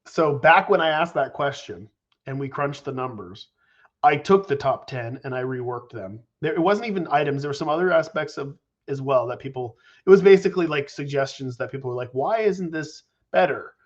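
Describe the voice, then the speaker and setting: A man's voice: medium pitch, expressive, brisk. Rambling man on a lo-fi call. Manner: rambling, restarts, casual swearing. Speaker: game designer guest. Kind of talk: casual live Q&A chat.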